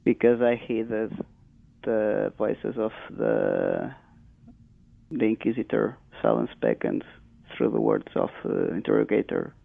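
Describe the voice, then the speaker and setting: A man's voice: on the low side, lively intonation, slow, vocal fry, no echo. A man playing in a tabletop game, answering firmly in character. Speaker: player. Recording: dry phone-like voice call.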